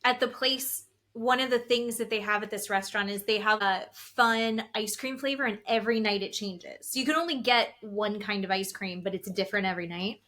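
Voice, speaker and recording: A woman's voice: medium pitch, brisk, bright, forceful tone. A woman co-hosting a podcast in casual chat, telling blunt, opinionated stories. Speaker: podcast co-host.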